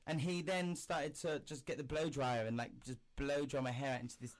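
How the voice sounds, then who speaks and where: Young man telling an animated story. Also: medium pitch, fairly quick. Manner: animated, acts out quoted voices, swears. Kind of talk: casual chat, storytelling.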